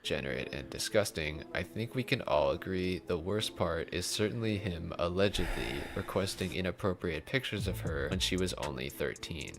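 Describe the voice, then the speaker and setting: A man reading a scripted video essay in a measured, serious way. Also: low voice, expressive. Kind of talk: scripted narration. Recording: background music under voice.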